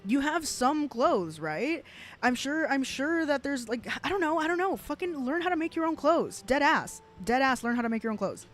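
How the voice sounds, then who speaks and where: A woman's voice: sits high, lively intonation, moderate pace, faint music behind. A woman in her twenties from South Texas with a South Texas accent, giving blunt, profane commentary on a stream with frequent restarts. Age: 20s. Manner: blunt and profane, with laughing asides and rambling restarts. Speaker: streamer reacting to clips.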